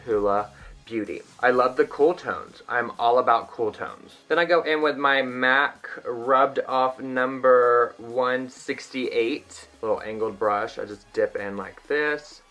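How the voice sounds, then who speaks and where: A man's voice: mid-range voice, slow, sharp tone, soft background music. A young man chatting through a makeup tutorial in a casual, self-mocking way. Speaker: vlogger.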